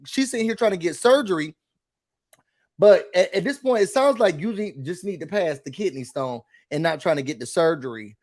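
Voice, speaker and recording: High-voiced man gossiping about reality TV. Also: fairly quick. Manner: animated, mimics cast members in gossipy asides. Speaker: recap show host. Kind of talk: casual TV recap chat.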